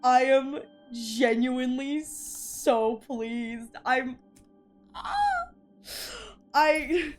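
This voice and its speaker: A woman with a high voice chats casually on a live stream while she plays a game. She gets excited easily and repeats words again and again. Faint music plays behind her. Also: very slow.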